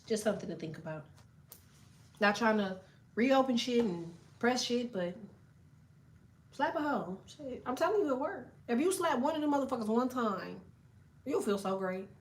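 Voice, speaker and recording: Brief: brash woman tarot streamer, fairly high voice, swears constantly, animated and laughing. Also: moderate pace, pauses often. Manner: profane, animated, laughing, reads chat aloud. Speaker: tarot reader. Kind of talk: live tarot stream chat.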